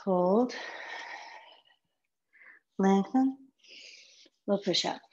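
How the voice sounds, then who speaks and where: A woman teaching a yoga class, giving short calm cues while she practices along, sometimes dropping to a whisper. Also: mid-range voice, very slow, muffled recording. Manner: calm, sparse one-word cues, some soft whispered counts.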